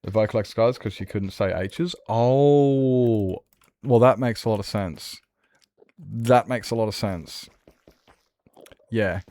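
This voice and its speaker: A man's voice: on the low side, slow pace, long pauses, mellow. An Australian man chatting casually and joking with his chat while streaming a building game. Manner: joking, self-mocking banter with chat.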